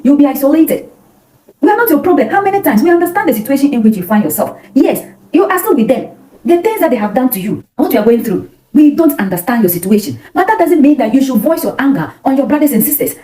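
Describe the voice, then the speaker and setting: Woman commentator, fast and indignant, mellow tone in an echoey room. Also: high-pitched. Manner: indignant, repeats rhetorical questions. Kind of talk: impassioned address to South Africans.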